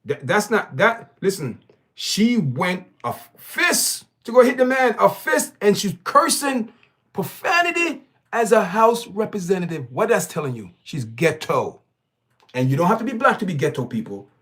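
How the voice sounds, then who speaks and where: Preachy man with a lively voice. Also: sits high, moderate pace. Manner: preachy, emphatic, repeats words and restarts. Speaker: channel host. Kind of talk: opinionated commentary livestream.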